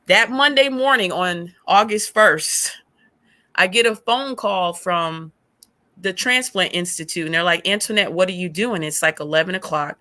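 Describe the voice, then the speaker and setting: Woman guest, bright voice, acts out what everyone said. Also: on the low side, normal speed. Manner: animated storyteller acting out past conversations. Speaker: podcast guest. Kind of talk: emotional personal testimony.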